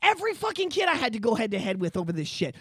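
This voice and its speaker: A man's voice: very high-pitched, huge pitch swings, rapid-fire, fairly bright tone, breathy edge, no room sound. A man hosting a casual podcast, from Canada, ranting emphatically with constant profanity. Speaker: podcast host.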